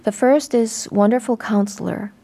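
Mellow woman reading a sermon. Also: fairly high pitch, moderate pace. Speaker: voice-over reader of a sermon. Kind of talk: translated sermon narration.

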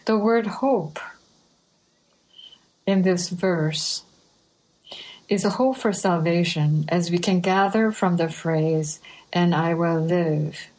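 Slow, deliberate woman preaching. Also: fairly low pitch, a little mellow, low-quality recording. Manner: measured, deliberate scripture reading. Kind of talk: slow sermon reading.

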